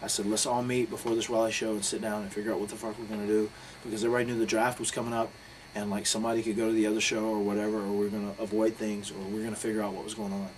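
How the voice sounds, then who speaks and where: A man speaks in a fairly low voice, words tumbling out quickly. He is blunt and profane as he recounts a heated personal story in a candid interview, with faint noise behind him. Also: little pitch movement, poor audio. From North Carolina. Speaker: interviewee, professional wrestler.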